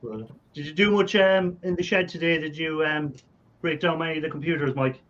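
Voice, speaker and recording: A man's voice: fairly high pitch, fairly quick, fairly bright tone, a little hiss or hum. A man with an Irish accent hosting a casual live chat and asking friendly follow-up questions, over dull lo-fi audio. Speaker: host.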